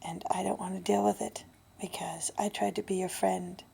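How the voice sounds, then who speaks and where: A woman of fifty talking candidly in a vlog, blunt and swearing, dropping to a hushed breathy voice and then getting loud. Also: on the low side, little pitch movement, moderate pace. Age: 50s. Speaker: vlogger.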